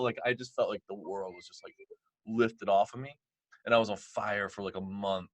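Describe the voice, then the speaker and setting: Deep-voiced man telling a story. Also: moderate pace, no echo. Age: middle-aged. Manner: animated, heavy on "like" and quoted dialogue. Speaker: podcast guest. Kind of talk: casual storytelling interview.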